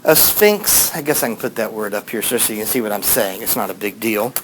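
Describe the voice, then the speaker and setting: A man's voice: lowish voice, animated, a little fast, slight background noise, rough recording. Casual male teacher telling a story. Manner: rambling, with fillers, playing voices in quotes.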